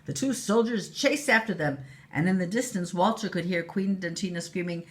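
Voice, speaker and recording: A woman reading a storybook aloud to a child in an expressive, lively way. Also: on the low side, normal speed, hardly any pauses.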